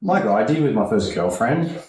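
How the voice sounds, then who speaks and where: A man's voice: lowish voice, very animated, moderate pace, a little mellow. A man in casual chat, talking bluntly and swearing freely as he tells family stories. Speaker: tattoo client. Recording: echoey room with faint noise.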